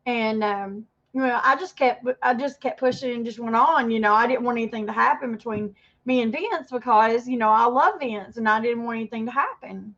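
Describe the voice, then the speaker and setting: Woman, 50s, casual livestream host, rambling defensive rant, slightly high voice, muffled lo-fi sound. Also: brisk, a bit bright. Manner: rambling, defensive, talks to chat viewers. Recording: dull lo-fi stream audio.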